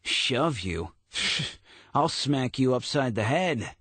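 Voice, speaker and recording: A man's voice: medium pitch, big pitch swings, very slow, breathy edge, no room sound, exaggerated voice. A man voicing a rude bullying customer who mocks and threatens in a raised, jeering voice. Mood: mocking. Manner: mocking, shouting.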